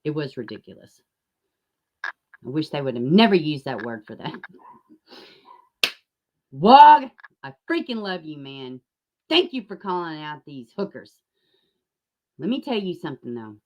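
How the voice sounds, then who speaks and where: A woman hosting a profane, sarcastic commentary rant, jumping from loud outbursts to mocking near-whispers. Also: deep voice, sing-song, a little slow, pauses often. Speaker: YouTube commentary host. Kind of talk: ranting commentary.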